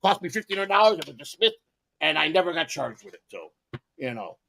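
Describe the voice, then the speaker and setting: Gravelly high-voiced older man. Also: big pitch swings, a little fast, pushed and bright. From Chicago. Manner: rambling, profane, many stammered restarts. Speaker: guest storyteller. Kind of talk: casual podcast chat.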